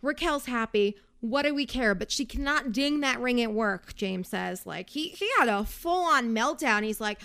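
Bright, chatty young woman recapping TV. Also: a little high, expressive, normal speed, vocal fry, few pauses, clear, resonant tone. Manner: chatty, sarcastic, tangent-prone. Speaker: podcast host. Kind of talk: casual reality TV recap.

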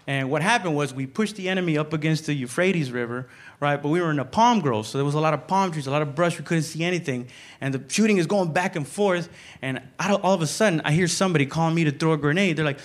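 An American man performing a stand-up comedy set, telling stories in an animated way and jumping into loud, high voices for the people he quotes. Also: fast. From United States. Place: comedy club stage.

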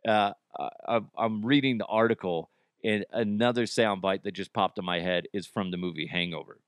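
A man's voice: on the low side, fairly even intonation, normal speed, clear, resonant tone. A man hosting a podcast, rambling through a crude comedic monologue and laughing at his own jokes. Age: middle-aged. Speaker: podcast host.

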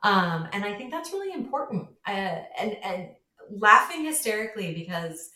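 A woman's voice: mid-range voice, sing-song, normal speed, sharp tone. A woman who is a guest on a podcast, speaking earnestly and reflectively in casual conversation. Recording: roomy echo.

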